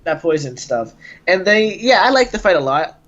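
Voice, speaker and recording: A man with a slightly high voice chats casually as a guest, agreeable and quick to laugh, with a few hesitant fillers. The recording sounds a little muffled and lo-fi. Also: big pitch swings, a bit bright. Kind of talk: casual discussion.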